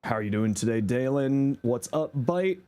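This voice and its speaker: A man streaming a game, chatting casually and playfully with viewers, a bit sleepy and slightly hoarse. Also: mid-range voice, expressive, moderate pace, mellow. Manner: playful, greeting viewers one by one; sleepy, laid-back. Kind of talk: casual live-stream chat.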